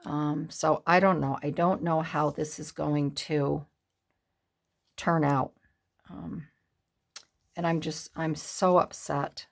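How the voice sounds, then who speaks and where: A woman in her sixties chatting to camera as a craft vlogger, halting and upset, with many pauses and restarts. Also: sits low, fairly even intonation, gravelly. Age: 60s. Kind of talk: casual chat to camera.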